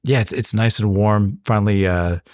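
A man co-hosting a podcast, relaxed and casual, often restarting his sentences. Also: on the low side, moderate pace, no echo, studio quality. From California. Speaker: podcast co-host.

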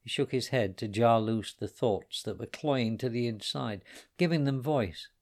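Quiet male storyteller. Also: medium pitch, unhurried. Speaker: reader. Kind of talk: storytelling narration.

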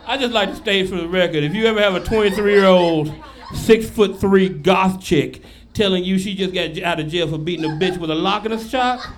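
A man from Memphis doing a crude, animated stand-up routine on a club stage. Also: high voice, a little fast, hardly any pauses. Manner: loud, crude, animated storytelling. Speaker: stand-up comedian. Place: comedy club stage before a live audience. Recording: live club recording with noise.

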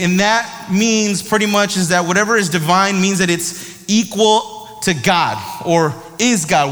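A man giving a sermon in a lively, conversational way, often tossing in "right?" to his listeners. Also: high-pitched. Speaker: preacher. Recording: long hall reverb.

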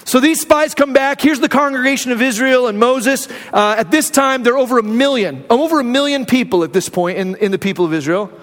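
A man's voice: very high-pitched, fairly quick, few pauses. A man preaching a sermon as pastor, retelling scripture and acting out the quoted speakers. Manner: animated storytelling, acting out quotes. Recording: long hall reverb.

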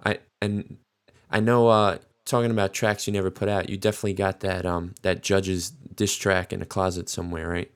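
A man from New York hosts a casual interview in a friendly, joking way. His voice is low and his New York accent comes through plainly. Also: level tone. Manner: friendly, joking, quick to laugh. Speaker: podcast host.

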